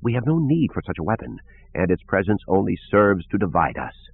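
A tired but unbending woman head of state, read by a man in a storybook, with a quavering, measured delivery. Husky voice, thin phone-like audio. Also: low voice, big pitch swings, heavily acted. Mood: stern, resolute. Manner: quavering, firm, deliberate.

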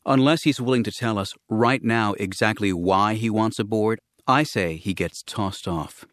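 A man voicing a tart, sharp-tongued skeptical woman. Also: fairly low pitch, normal speed, no room sound, clean studio sound, natural voice. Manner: tart, firm, blunt.

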